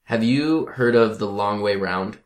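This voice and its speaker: Low-voiced man telling stories eagerly. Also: a little slow. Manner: enthusiastic storyteller, chatty. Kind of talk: casual chat.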